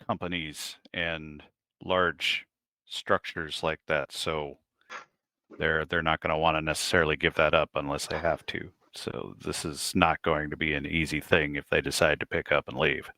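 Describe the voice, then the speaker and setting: A man's voice: very deep voice, flat delivery, a little slow, pushed and bright, dry recording, clean studio sound. A man explaining his character's plans as a player in a tabletop game, matter-of-fact.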